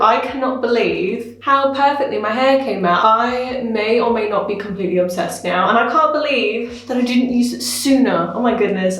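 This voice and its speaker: A young woman reviewing a hair product in a casual home vlog. She talks in a chatty, self-dramatizing way, with lots of filler words. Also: on the high side. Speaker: beauty vlogger. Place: bathroom at home. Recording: very echoey bathroom.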